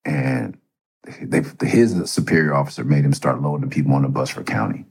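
Podcast host, middle-aged man, deep and husky, rambling and cursing through a story. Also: animated, normal speed, a little mellow. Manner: profane, rambling, conversational. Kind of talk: casual storytelling.

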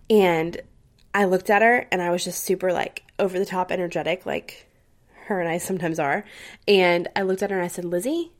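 Woman, podcast host, upbeat, chatty, casual advice, mid-pitched voice. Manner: upbeat and chatty, with frequent tag questions. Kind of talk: casual advice talk to listeners.

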